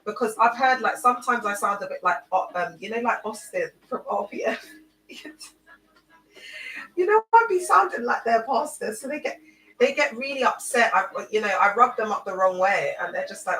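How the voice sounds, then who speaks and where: A woman's voice: a little high, moderate pace, sharp tone, far from the mic. A woman, chatting loosely on a live stream into a laptop mic and answering viewers by name. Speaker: livestreamer. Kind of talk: casual live-stream chat. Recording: echoey room, voice away from the mic.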